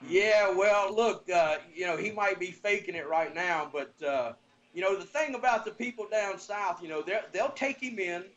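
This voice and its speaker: A man with a Southern American accent giving betting lines in casual sports talk, halting with many fillers. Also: high voice, fairly bright tone, dull audio.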